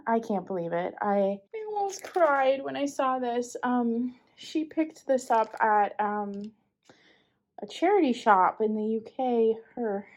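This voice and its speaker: A young woman, chatting casually as she opens packages, gushing with excited exclamations. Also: on the high side. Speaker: vlogger. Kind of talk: casual unboxing chat.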